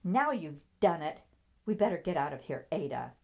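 This is a snobbish young woman with an affected, would-be elegant way of speaking, as a woman reader puts her on. Her voice sits low and carries an urgent push. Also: sing-song, moderate pace, creaky, dark tone, husky, heavily acted.

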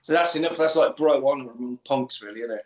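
A man co-hosting a casual podcast, retelling a film with quick put-on voices for its characters. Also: medium pitch. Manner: animated, acts out lines in quick put-on voices. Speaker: podcast co-host. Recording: echoey room.

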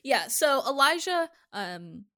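Animated, swearing woman podcast host. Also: high-pitched, takes it slowly, no echo, clean studio sound. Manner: animated, swears freely, acts out characters' lines. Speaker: podcast host recapping episodes. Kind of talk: casual chat.

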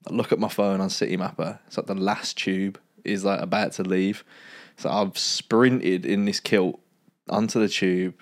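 A man's voice: low-pitched, steady tone, normal speed. Laid-back man telling stories. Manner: laid-back slangy storytelling, laughs often. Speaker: podcast co-host. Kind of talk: casual chat.

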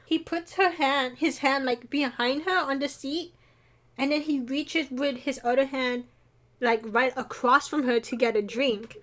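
A woman's voice: sits high, fairly even intonation, a little slow, a bit bright. A young woman co-hosting a podcast, chatting in a bubbly, giggly way with lots of fillers. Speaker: podcast co-host. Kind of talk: casual chat.

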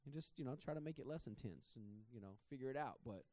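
A man's voice: mid-range voice, lively intonation, fast, a little mellow, dry recording. A man preaching a sermon in a conversational way, often repeating words and laughing at himself.

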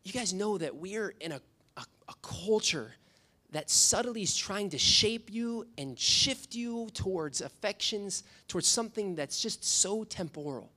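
Animated youth pastor preaching, man. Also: high voice, a little slow, few pauses. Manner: storytelling, animated with acted quotes. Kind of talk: sermon.

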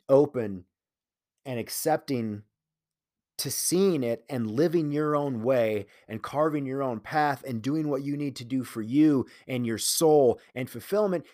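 Speaking alone in a casual monologue, a man with a mid-range voice tells a candid, profane personal story and earnestly preaches about living life your own way. The sound is clean studio audio with no room sound.

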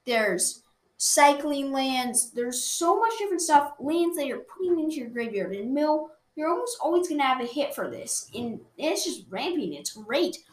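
A woman with a high voice chats about cards, eager and quick to argue for her favorites. She rambles and restarts mid-thought. The sound carries a roomy echo. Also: sing-song. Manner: enthusiastic, argumentative, rambling with restarts. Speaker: card game reviewer. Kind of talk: casual chat. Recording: roomy echoey room.

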